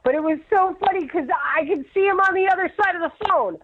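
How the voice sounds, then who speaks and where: Brief: middle-aged woman guest, lively storyteller, tinny phone-line sound. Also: very high-pitched, quick pace. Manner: animated storyteller, laughs often. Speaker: entrepreneur guest. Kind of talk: casual interview chat.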